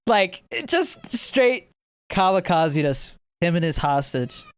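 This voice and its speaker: A man's voice: high-pitched, sing-song, takes it slowly, clear, resonant tone, no echo. Rambling young guy, dry sound. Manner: rambling, laughs at his own stories. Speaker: podcast co-host. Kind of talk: casual chat.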